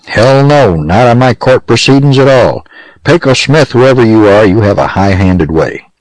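A man's voice: lowish voice, very animated, a little fast, a little mellow, no room sound, pitched above the performer's own voice, low-quality recording. A man voicing a pompous, blustering old frontier judge. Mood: indignant.

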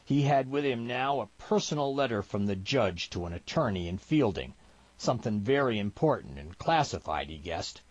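A man reading a story aloud in a measured, expressive storybook narration, heard on a dull, lo-fi recording. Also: on the low side, no echo.

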